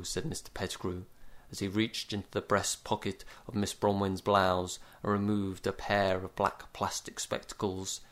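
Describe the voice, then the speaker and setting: A man narrating a comic short story in a dry, measured deadpan. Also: low voice. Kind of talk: story reading.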